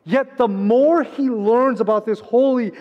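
High-voiced man preaching. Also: unhurried, lo-fi sound. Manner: preaching with dramatic swings between loud and hushed. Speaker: pastor. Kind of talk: sermon. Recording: long reverb of a large hall.

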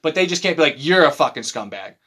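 A man in casual chat who tells profane, animated stories and mimics other people in mocking voices. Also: on the high side, fast talker, breathy edge.

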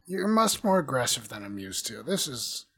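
A woman's voice: extremely low pitch, very animated, normal speed, a bit bright, husky. A woman playing a tabletop game, asking wry, playful questions in character. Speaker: player.

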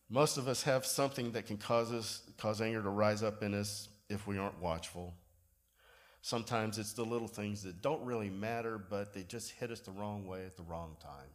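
Man preaching, lowish easygoing voice. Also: moderate pace. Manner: relaxed storytelling with self-deprecating humor. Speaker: pastor. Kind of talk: sermon.

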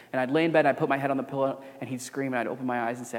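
A young man preaching a sermon as pastor, earnest, moving between emphatic preaching and quiet, confiding storytelling. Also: fairly high pitch, rapid-fire. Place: church sanctuary. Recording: long reverb of a church hall.

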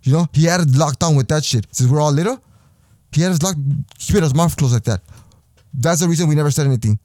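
A man's voice: fairly high pitch, quick pace, mellow, no room sound, studio quality. A young man hosting a podcast, delivering a heated, profanity-laden personal rant with lots of repetition. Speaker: podcast host.

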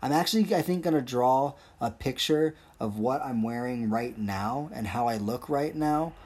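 A man's voice: mid-range voice, moderate pace, darkish tone. A young man hosting a solo podcast, rambling and joking in a crude, casual way. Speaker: podcast host.

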